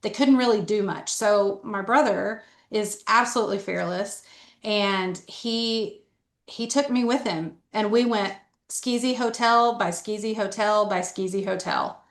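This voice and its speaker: A woman's voice: medium pitch, unhurried, reverberant. A middle-aged woman telling her story candidly as a podcast guest, talking earnestly with a lot of "like" fillers. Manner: earnest, conversational, frequent "like" fillers.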